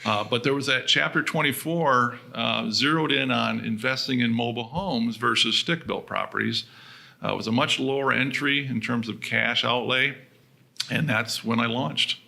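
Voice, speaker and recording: Gravelly, bright man. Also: medium pitch, moderate pace. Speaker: co-founder of a mobile home business. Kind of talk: casual conversation.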